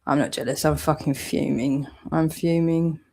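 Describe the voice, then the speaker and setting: A woman's voice: sits low, fairly even intonation, moderate pace, gravelly, warm tone. Angry British woman ranting and swearing. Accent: British, southeast English. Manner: swearing, heated and accusatory. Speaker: channel owner. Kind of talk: angry vlog rant.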